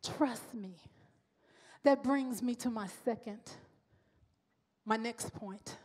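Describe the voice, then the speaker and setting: Woman preacher, high and unhurried, personal and repetitive sermon style, long hall reverb. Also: a little mellow. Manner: personal, conversational preaching with slow emphatic repetition. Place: church sanctuary.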